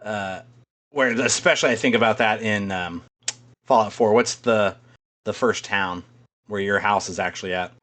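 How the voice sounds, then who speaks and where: Man, lowish voice, casual podcast co-host, rambling, swears, laughs a lot. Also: moderate pace, fairly bright tone. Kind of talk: casual chat.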